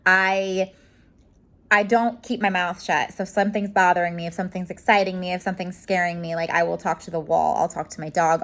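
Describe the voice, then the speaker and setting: A woman's voice: on the low side, gravelly. A woman in her thirties telling a personal story to camera at home, bubbly and chatty but emotional, with lots of "like" and restarts. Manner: bubbly, rambling, emotional, talks with her hands in words like "like". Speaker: home organizing vlogger. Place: home room with a curtain.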